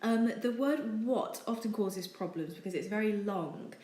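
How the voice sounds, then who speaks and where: Female teacher, mid pitch, steady and patient with ums; roomy echo. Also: a little slow. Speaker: French teacher. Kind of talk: explaining over slides. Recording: echoey room with faint noise.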